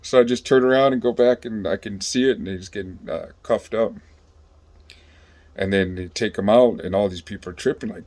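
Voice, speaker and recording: A man's voice: fairly low pitch, moderate pace, darkish tone. Rambling, profane man telling a story. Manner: rambling, profane, full of fillers and restarts. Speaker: vlogger telling his own story. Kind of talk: casual storytelling.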